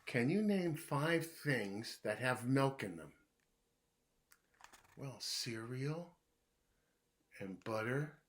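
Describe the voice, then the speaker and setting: A man reads a children's riddle book very slowly, pausing often, in an expressive, medium-pitched voice. He plays it up, asking each riddle and answering it himself, and goes quiet and hushed when voicing the puzzled guesser.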